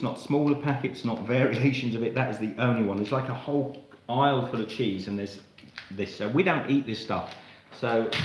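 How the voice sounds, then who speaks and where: Cooking in his kitchen, an Australian cooking channel host from Melbourne rambles to viewers during a live stream. He has a medium-pitched voice, and the poor audio is reverberant with slight background noise.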